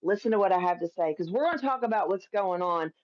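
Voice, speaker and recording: A woman's voice: on the low side, animated, quick pace, a little mellow, lo-fi sound. A woman from Kentucky hosting a casual political live stream, chatty and emphatic, laughing often and swearing freely. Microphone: phone or camera on a live stream.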